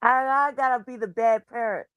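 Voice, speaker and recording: A woman with a fairly high voice hosts a loose livestream chat. She tells her stories with animation and swears freely. Her voice sounds dry and close, with no room echo. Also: moderate pace, smooth. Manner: profane, animated storytelling. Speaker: show host.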